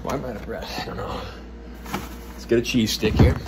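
A man's voice: mid-range voice, fairly even intonation, a little fast, pauses often, very noisy. A man talking casually to his viewers while walking around his home, rambling and chatty, filmed on a phone. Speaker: vlogger. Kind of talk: casual vlog chat. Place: at home, indoors. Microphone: phone held while walking.

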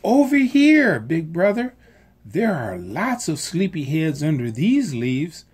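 A volunteer reader voicing a chorus of excited baby frogs, calling out high and loud. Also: slow pace, natural voice. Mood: eager. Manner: high, shouting, eager. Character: crowd of excited little frog children.

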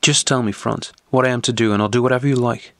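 A man's voice: medium pitch, fairly even intonation, fast, fairly bright tone, no room sound, close to an everyday voice. A man voicing a frightened young schoolboy who pleads nervously, in an audiobook reading. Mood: pleading.

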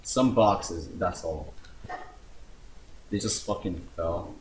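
Young male gamer host, excitable, foul-mouthed, unhurried between scares; roomy sound, music behind. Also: sits low. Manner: excitable, cursing, shouting at scares. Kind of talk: casual horror game commentary. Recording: echoey with game music.

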